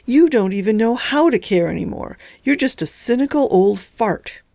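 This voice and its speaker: A woman voicing a rebellious teenage girl who yells back at her father, shrill and defiant, as she reads a story aloud. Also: lively intonation, moderate pace, no room sound, studio quality. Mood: defiant, shouting.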